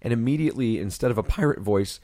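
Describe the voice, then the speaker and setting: A man's voice: medium pitch, expressive, quick pace, mellow. A man co-hosting a podcast in casual chat, telling stories frankly with frequent restarts. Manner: candid, rambling storyteller with many restarts. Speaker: podcast co-host.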